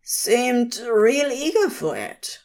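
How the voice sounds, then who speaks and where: A woman voicing a gruff, plain-spoken old Scottish shearer who uses dialect words. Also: on the high side, big pitch swings, very slow, darkish tone, pitched above the performer's own voice, exaggerated voice.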